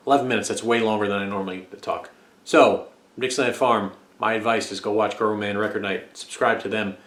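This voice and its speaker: A man from the United States rambling casually about the records he collects, with lots of fillers. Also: medium pitch. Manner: rambling and relaxed, with frequent fillers. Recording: echoey room.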